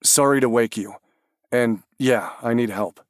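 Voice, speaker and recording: A steady man who handles a search dog, speaking plainly and firmly in a voice of middle pitch. A male narrator reads him in a dry, close recording. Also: a little slow, no echo, natural voice.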